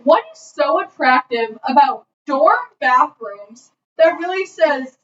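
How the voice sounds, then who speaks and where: A woman's voice: sits high, lively intonation, slow pace, a bit bright. A young woman co-hosting a podcast, telling a frank and joking story from college. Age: young adult. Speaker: podcast co-host. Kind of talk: casual storytelling chat. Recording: roomy, distant, dull sound with faint noise.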